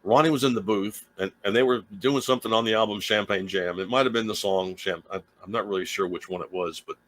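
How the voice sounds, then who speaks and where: A man's voice: on the low side, fast, a bit bright, rough recording. A middle-aged man telling a story in a casual, rambling way, full of restarts and asides, speaking from a small home studio. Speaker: guitar teacher and livestream host.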